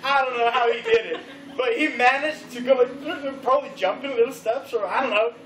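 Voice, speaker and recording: High-voiced man teaching a youth group. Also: brisk. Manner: animated storytelling, acting out crowd voices. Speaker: youth leader. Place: church youth service room. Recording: roomy, distant recording with faint background noise.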